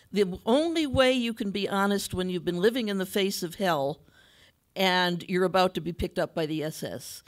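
A woman's voice: mid-range voice, fairly bright tone. A woman moderating a panel forum, speaking in a conversational, thoughtful way. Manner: conversational, thoughtful, with light laughter. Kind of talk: panel discussion remarks.

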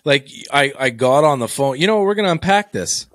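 A man's voice: a little high, animated, brisk, a bit bright. A man co-hosting a podcast, chatting casually in a laid-back, jokey way. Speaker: podcast co-host.

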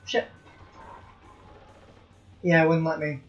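A man's voice: a little high, level tone, takes it slowly, dull audio, soft background music. A man giving casual gameplay commentary, thinking aloud and swearing at the game as he plays. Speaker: let's play host.

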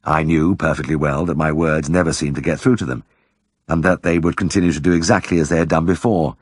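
Deep husky male audiobook narrator. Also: fairly even intonation, fast talker, no room sound, studio quality. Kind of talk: scripted narration.

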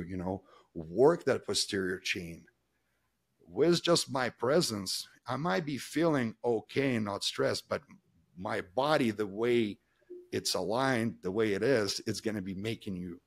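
Speaking as the guest body-language expert on a podcast, this man has a lowish voice that is slightly rough, with vocal fry. Long, loose run-on explanations with many restarts fill his answers, and he emphatically acts out small examples in quoted voices.

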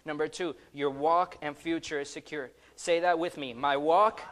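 High-voiced young man preaching fervently. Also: fairly even intonation, moderate pace. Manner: fervent preaching, rises loud on calls and drops soft. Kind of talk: sermon.

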